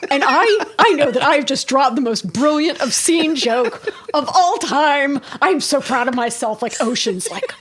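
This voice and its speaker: A woman in her forties, an interview guest, telling a funny story in an animated, laughing way and swearing freely. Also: sits high, a little slow, a little hiss or hum.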